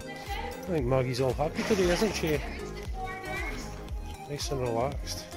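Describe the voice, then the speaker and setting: A woman's voice: low-pitched, wildly swooping pitch, measured pace. A woman chatting casually while filming at a riding stable, cooing at the horses and encouraging her child with lots of tag questions. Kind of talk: casual vlog chat. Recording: music playing over the voice.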